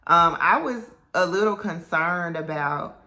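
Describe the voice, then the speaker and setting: A woman's voice: fairly low pitch, lively intonation, unhurried, sharp tone. A woman telling her own story to camera in a candid, chatty way, with lots of ums and likes. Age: adult mother. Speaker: vlogger. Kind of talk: casual personal storytelling to camera.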